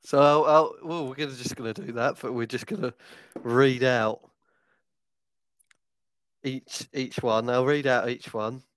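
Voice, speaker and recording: A young man co-hosting a podcast in casual banter, laid-back and deadpan. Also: medium pitch, unhurried, smooth, no echo. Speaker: podcast co-host.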